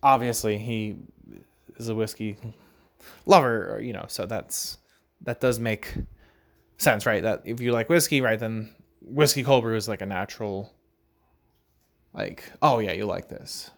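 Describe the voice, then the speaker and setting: A man's voice: lowish voice, a little slow, pauses often. A man hosting a casual solo podcast chat, rambling loosely with lots of "like" and "right?" and the odd easy laugh. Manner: rambling, filler-heavy, frequent "like" and "right?"; relaxed, laughs now and then. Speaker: podcast host.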